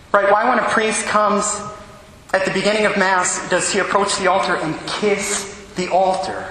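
A priest preaching a sermon, telling stories from his own life with quick, animated asides. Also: high-pitched, slight background noise. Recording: echoey hall with long reverb.

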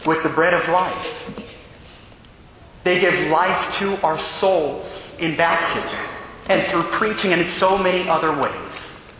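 A priest preaching a sermon, telling stories from his own life with quick, animated asides. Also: sits high, a little hiss or hum. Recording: echoey hall with long reverb.

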